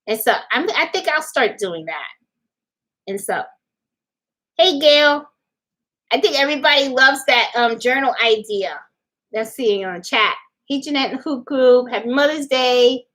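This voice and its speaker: A woman's voice: sits high, animated, unhurried, fairly bright tone. A middle-aged woman from New York City with a New York accent, hosting a casual crafting livestream from home and chatting straight to her viewers in a meandering way. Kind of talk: casual live-stream chat with viewers.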